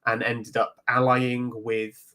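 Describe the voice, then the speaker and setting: Male co-host, medium pitch, casual, thoughtful and hedging delivery. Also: level tone, slow, sharp tone. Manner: thoughtful, hedging, asks questions. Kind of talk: casual chat.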